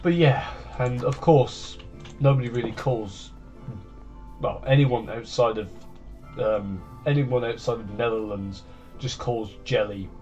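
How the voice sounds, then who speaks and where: Guy, mid-pitched voice, rambling casual game commentary. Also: unhurried, a little mellow, highs cut off, faint music behind. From United Kingdom. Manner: rambling, meandering chat. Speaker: gaming channel host.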